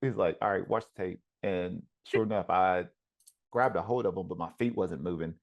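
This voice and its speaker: A man's voice: low-pitched, normal speed, creaky, highs cut off. A man who coaches wrestling, talking in an easygoing, casual conversation with frequent ums and uhs. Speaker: wrestling coach and podcast host.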